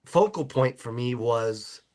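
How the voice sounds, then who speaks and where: A man's voice: medium pitch, animated, slow pace, a little mellow. A middle-aged man hosting a podcast, telling rambling stories in casual chat with a joking manner. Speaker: podcast host.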